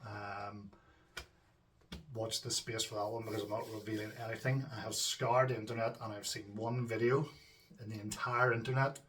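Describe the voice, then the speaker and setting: A man's voice: lowish voice, a bit bright, distant mic. A man with a Northern Irish accent hosting his own homebrewing channel, chatting casually to viewers with lots of ums and asides. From Northern Ireland. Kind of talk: casual chat to camera.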